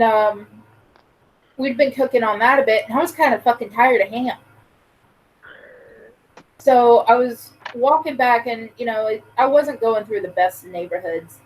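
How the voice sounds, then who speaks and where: A woman with a fairly high voice tells a blunt, crude story in casual chat and acts out each part of the dialogue. Faint noise hums behind her. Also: unhurried, long pauses, low-quality recording. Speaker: podcast co-host.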